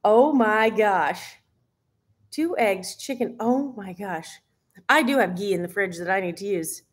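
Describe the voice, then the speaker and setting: A fitness live-stream host with a husky, mid-range voice speaks unhurriedly on a casual stream. Teary and emotional, she gushes to viewers, exclaims often, and laughs between lines.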